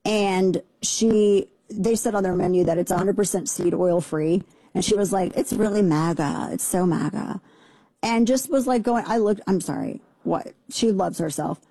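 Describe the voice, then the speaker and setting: A middle-aged woman hosting a talk radio show, ranting in a fast, sarcastic, indignant way. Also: medium pitch, mellow, husky, no echo. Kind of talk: opinionated talk radio monologue. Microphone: studio microphone.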